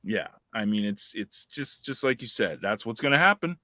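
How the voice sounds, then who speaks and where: A man's voice: lowish voice, lively intonation, moderate pace, pushed and bright, no room sound, clean studio sound. A man hosting a podcast, talking casually and emphatically, repeating points for effect. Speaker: podcast host.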